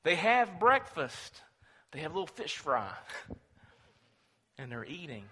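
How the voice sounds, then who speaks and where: Forceful preacher in a big hall. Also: male voice, a little high, very animated, measured pace, husky. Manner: dramatic storytelling, swings between loud and hushed. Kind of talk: sermon. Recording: long reverb of a large hall.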